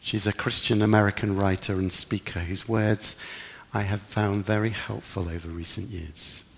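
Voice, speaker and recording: Gravelly male preacher in a reverberant church. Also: lowish voice, fairly even intonation, moderate pace. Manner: earnest, reflective, rising with emphasis in quoted prayers. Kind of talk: sermon.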